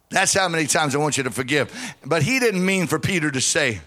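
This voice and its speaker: A man's voice: a little high, animated, fairly quick, pushed and bright. A middle-aged man preaching a sermon as pastor, fervent and sing-song, calling out to the congregation.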